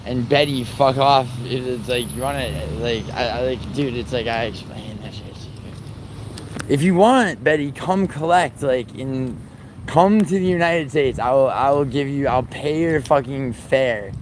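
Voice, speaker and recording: A young man, chatting to his stream while out on a city street, cursing freely and ribbing his viewers. His voice sits mid-pitch, and faint traffic hums behind him. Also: measured pace. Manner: profane, teasing banter with chat. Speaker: livestreamer. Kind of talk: casual livestream chat with viewers.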